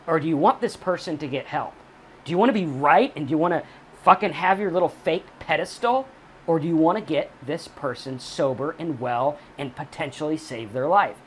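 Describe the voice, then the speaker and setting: A man's voice: on the high side, a little hiss or hum. A man hosting a recovery channel, giving blunt advice straight to camera, swearing freely and hammering the same points again and again. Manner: blunt, profane, emphatic, repeats key points. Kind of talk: direct-to-camera advice monologue.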